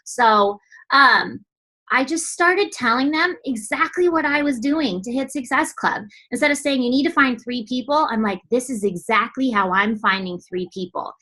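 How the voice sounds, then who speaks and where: A young female coach with a high voice motivates her team in a lively, straight-talking way. She swears a lot and slips in quick mimicking asides.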